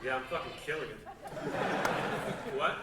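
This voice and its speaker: A man in his thirties from the Pittsburgh suburbs doing crowd-work questions on a theater stage, deadpan, with odd pauses and lots of swearing. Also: medium pitch. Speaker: stand-up comedian. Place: large theater. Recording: roomy, distant theater recording with crowd noise.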